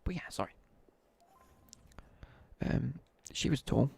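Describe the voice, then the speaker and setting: A man's voice: medium pitch, very animated, slow, darkish tone, whispered. A young man chatting casually as a streamer, telling a rambling story with asides while he plays a game. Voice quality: gravelly, husky. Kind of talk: casual chat while gaming.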